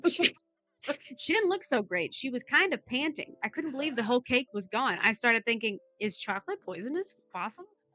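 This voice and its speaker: A woman's voice: fairly high pitch, sing-song, moderate pace, pushed and bright, no echo. A woman chatting casually and reading a news story aloud, adding wry asides.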